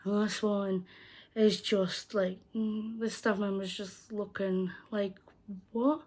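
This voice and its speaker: A young British woman vlogging, telling a story in a casual, animated way and acting out the people she quotes. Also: medium pitch, slow pace. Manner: animated retelling, acts out quoted voices. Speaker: crochet vlogger.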